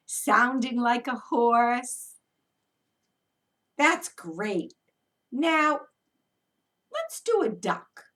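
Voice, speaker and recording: Lively story-time woman, far from the mic. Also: on the high side. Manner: animated and encouraging, speaking to toddlers. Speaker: early childhood educator. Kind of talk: children's story time with movement.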